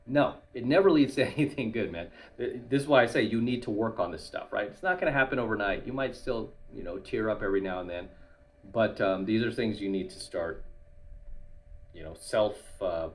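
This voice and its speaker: A man's voice: on the low side, a little fast. A man hosting his channel, giving other men advice in a casual monologue and tagging nearly every point with "right?".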